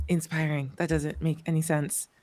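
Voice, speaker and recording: A woman player at a tabletop game, speaking in a fairly low voice. She jokes around and talks through her rolls in a casual, playful way. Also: little pitch movement, darkish tone. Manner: playful, joking, quick to laugh.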